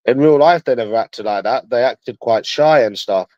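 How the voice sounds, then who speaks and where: A man's voice: medium pitch, moderate pace, a little mellow, no room sound. Crude rambling man with a London accent. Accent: London English. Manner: crude, rambling, swears freely. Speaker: livestreamer. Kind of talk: casual monologue to viewers. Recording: dull lo-fi dry sound.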